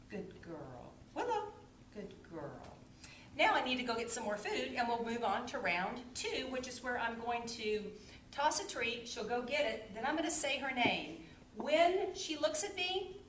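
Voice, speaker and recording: A woman trainer explains each step to the camera, her voice lively and bright in pitch. The room around her is echoey, with a faint hum of ambience behind. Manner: calls dog's name in high happy tone, then explains calmly. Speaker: dog trainer. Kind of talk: instructional demo video.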